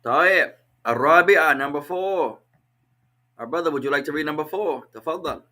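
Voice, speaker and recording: Male teacher, bright and forceful tone, patient and encouraging with students. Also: fairly high pitch, expressive, fast talker. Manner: encouraging, repeats and explains patiently. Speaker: language teacher. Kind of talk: online class instruction.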